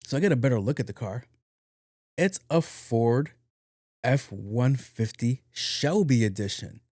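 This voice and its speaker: A young man from New York hosting a podcast, telling a long story in a casual, animated, profane and self-mocking way. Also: medium pitch, a little slow, no room sound, studio quality. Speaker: podcast host.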